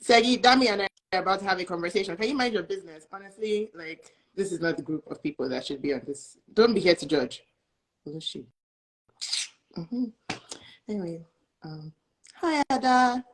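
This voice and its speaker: A woman guest on a casual live-streamed chat, loud and teasing, talking animatedly. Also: medium pitch, expressive, a little fast, poor audio.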